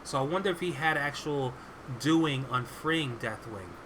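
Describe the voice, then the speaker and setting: A man's voice: on the high side, lively intonation, unhurried, noisy background. A man hosting a casual gaming podcast, eagerly reading his list of facts off his notes. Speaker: podcast host.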